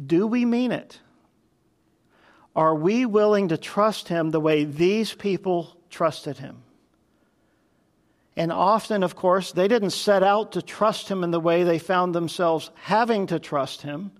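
A man's voice: sits high, slow pace. A man preaching a sermon as pastor, conversational and earnest, often asking his listeners questions.

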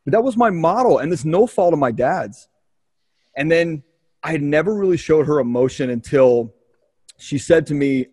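A man's voice: fairly high pitch, lively intonation, normal speed, a little mellow, breathy edge. A man hosting a podcast, telling a candid, emotional personal story in casual speech with frequent swearing. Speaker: podcast host.

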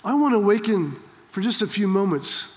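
A pastor preaching an emphatic sermon, full of rhetorical questions and rising to shouts. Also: male voice, high voice, very animated, brisk. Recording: long hall reverb.

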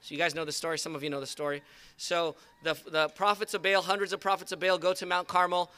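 A man preaching a sermon at an outdoor service, retelling stories in a conversational, animated way. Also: high voice, fast talker, clear, resonant tone. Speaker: pastor.

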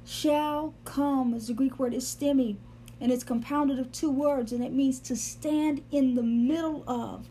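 A high-pitched woman gives an earnest Bible teaching and keeps circling back to stress key words. A faint hum runs under the recording. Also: steady tone, a little slow, warm tone. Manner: earnest, repeats words for emphasis. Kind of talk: sermon-style Bible teaching.

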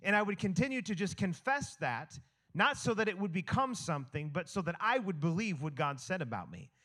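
A man's voice: high voice, very animated, a little fast, fairly bright tone. A pastor preaching to his church congregation on a handheld microphone, in a loose, conversational way full of fillers and restarts, with playful asides. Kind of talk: sermon. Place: church hall with a live congregation.

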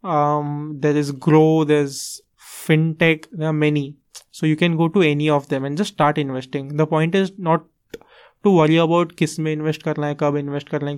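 A man's voice: on the high side, flat delivery, fast, clear, resonant tone. A man with an Indian English accent, casually explaining investing on a podcast and slipping Hindi phrases into his English. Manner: earnest, explains with examples, mixes in Hindi phrases.

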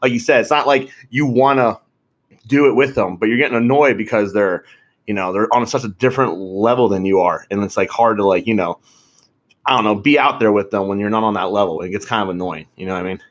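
A man's voice: lowish voice, fast talker. Casual male podcast co-host, rambling storyteller, profane, laughs often. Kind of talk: casual chat.

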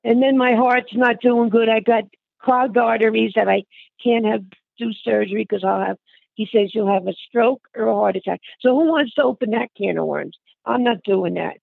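An older woman talks through memories in a chatty way, calling the listener hon and honey as she goes. Her voice is gravelly, with a worn grain to it. The sound is tinny and phone-like, close and dry with no room around it. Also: fairly high pitch, normal speed, no echo. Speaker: interviewee. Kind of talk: reminiscing conversation.

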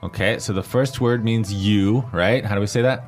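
A man leads a language lesson in a fairly low voice, slowly and patiently spelling out pinyin letter by letter. Soft music plays faintly behind him. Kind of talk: explaining grammar in a lesson dialogue.

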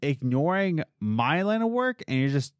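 Young male podcast co-host, expressive storyteller, lively pitch, dry studio sound. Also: moderate pace, no echo. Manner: animated storytelling, mimics others in quotes. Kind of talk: casual chat.

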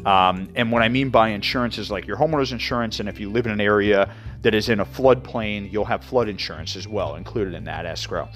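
A man's voice: on the low side, fairly quick, fairly bright tone, soft background music. Chatty male mortgage podcast host. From New York. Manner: conversational, many fillers and asides. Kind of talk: casual educational talk.

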